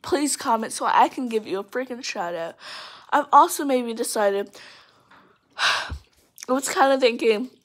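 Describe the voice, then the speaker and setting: A young woman vlogging casually, rambling excitedly and calling her viewers "guys" as she talks through a prank. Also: a little high, measured pace, long pauses. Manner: rambling and chatty, often addresses the viewers as guys; excitable, with frequent fillers and restarts. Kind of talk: casual chat to camera.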